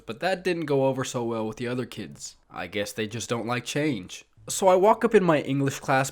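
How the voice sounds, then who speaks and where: Young man telling a wry storytime. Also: medium pitch. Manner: casual, self-mocking storyteller with frequent fillers. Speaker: vlogger. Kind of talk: comedic storytime narration.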